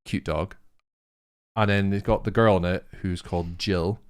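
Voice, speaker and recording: A young man co-hosting a casual chat, excitable and rambling, swearing freely. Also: sits low, moderate pace, smooth. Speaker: co-host.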